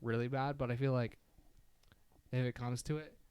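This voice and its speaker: Teen dude chatting, lots of likes, smooth clean voice. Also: male voice, medium pitch, fairly even intonation, normal speed, no room sound, highs cut off. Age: teens. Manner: rambling, filler-heavy, laughs often. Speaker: podcast co-host. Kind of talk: casual chat.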